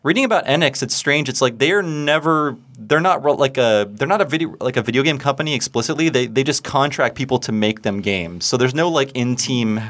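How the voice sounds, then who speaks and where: A man's voice: medium pitch, a little fast, hardly any pauses, fairly bright tone. A man hosting a podcast in casual chat, talking easily with many fillers and frequent laughs. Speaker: podcast host.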